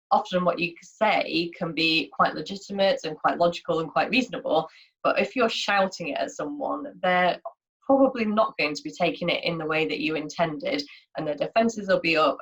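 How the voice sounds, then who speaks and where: A woman's voice: deep voice, fairly bright tone, dull audio. A woman giving an informal online lunchtime talk, explaining in a chatty way with many fillers and restarts. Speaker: workshop presenter.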